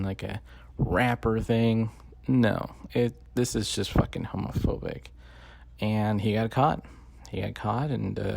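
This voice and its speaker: A man's voice: on the low side, vocal fry, a little mellow, no room sound. A man giving casual, rambling commentary full of swearing and fillers. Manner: profane, rambling, many fillers. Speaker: podcast host. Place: lives in the Bay Area.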